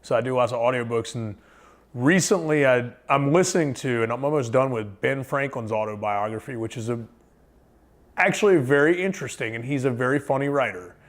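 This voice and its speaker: A man's voice: mid-range voice, fairly quick. A man, a podcast guest, talking casually and rambling with lots of fillers and restarts. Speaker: podcast guest, thru-hiker. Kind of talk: casual storytelling chat.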